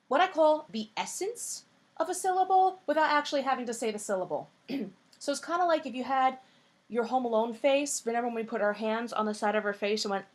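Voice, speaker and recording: A woman voice teacher giving a singing lesson in a patient, coaching way, her voice a little scratchy. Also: fairly high pitch. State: slightly scratchy voice.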